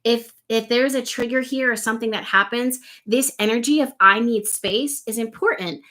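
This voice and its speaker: A woman with a bright, forward voice hosts a live astrology stream. She talks in a loose, conversational way, pausing to read viewer comments and asking one rhetorical question after another. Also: fairly high pitch.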